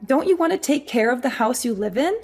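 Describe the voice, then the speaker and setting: A woman playing a weary, high-voiced young wife. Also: lively intonation, quick pace, a little mellow, soft background music. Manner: weary, pleading. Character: exhausted young working wife. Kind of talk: audio drama acting.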